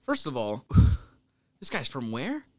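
A man's voice: medium pitch, wildly swooping pitch, slow pace, dry recording. A man co-hosting a casual podcast, asking questions and reacting with sarcastic disbelief. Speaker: podcast co-host.

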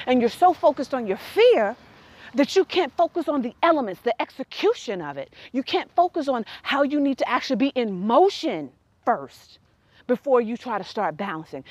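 A woman telling a personal story that turns into a faith lesson, animated and quick to laugh. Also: on the high side, no room sound.

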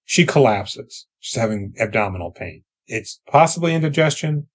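A man co-hosts a movie podcast and walks through the plot in a casual, swearing style. He slips into quick voices for the characters as he recaps. He speaks at a middle pitch. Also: animated. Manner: profane, acts out characters while recapping. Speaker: podcast co-host.

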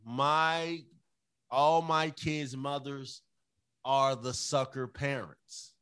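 A man's voice: medium pitch, fairly even intonation, drawn-out words, a bit bright, smooth, no room sound. A man co-hosting a casual podcast, talking emphatically about his family, repeating phrases and acting out his children's voices. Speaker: podcast co-host.

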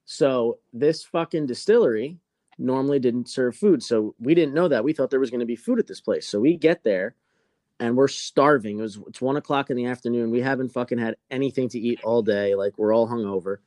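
A man telling a story on a casual podcast, animated and swearing constantly, acting out the people in it. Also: medium pitch, fairly quick, no room sound, studio quality.

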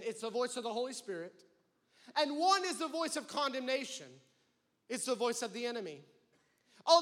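A man preaching a sermon as campus pastor, swinging between loud calls and hushed pleading. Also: very high-pitched. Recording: long hall reverb.

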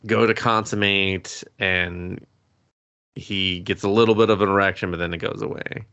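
A man's voice: deep voice, steady tone, moderate pace, sharp tone, no echo, lo-fi sound. A man co-hosting a podcast, recapping an anime plot in a rambling, laughing, casual way with some swearing. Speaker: podcast co-host. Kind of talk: casual anime review chat.

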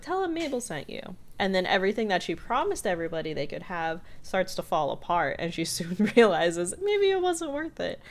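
A woman with a low-pitched voice chats casually on a podcast, recapping a cartoon episode. She retells scenes in an animated way, often laughing and jumping into high voices for the characters she quotes. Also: a little hiss or hum. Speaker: podcast co-host.

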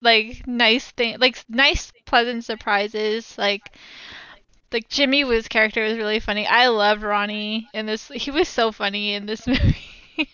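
A woman's voice: on the high side, steady tone, unhurried, pushed and bright, clear, resonant tone, no echo. A woman co-hosting a casual movie chat, talking in a chatty, hesitant way full of fillers and restarts, on a dull lo-fi recording. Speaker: podcast co-host.

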